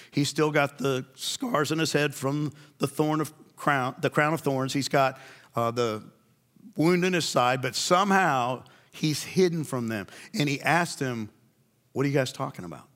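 A man's voice: medium pitch, a bit bright. A man preaching a sermon, telling the story in a conversational way and asking his listeners questions.

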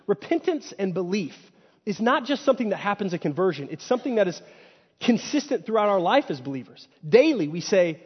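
A man's voice: high voice, big pitch swings, brisk, breathy edge. A man preaching a sermon in a conversational way. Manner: conversational, acts out quoted inner voices. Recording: dull lo-fi sound with long hall reverb.

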